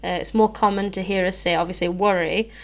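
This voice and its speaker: A woman's voice: medium pitch, steady tone, fairly quick. A British woman co-hosting a podcast for English learners, explaining phrases in a chatty way and laughing often. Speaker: English teacher and podcast co-host. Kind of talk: casual teaching chat.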